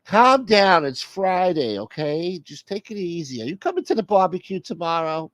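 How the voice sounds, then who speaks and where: A pampered rich man with a high, coaxing voice keeps telling someone to take it easy, as a man does the bit. He sounds fussy and a little smug, recorded close and dry with no room sound. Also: very animated, moderate pace, fairly bright tone, dry recording. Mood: soothing.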